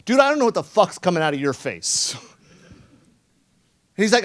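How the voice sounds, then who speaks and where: Animated, profane male conference speaker. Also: a little high, a little fast, pauses often. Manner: animated, profane, sarcastic, acts out quotes. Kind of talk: conference talk with storytelling. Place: conference room.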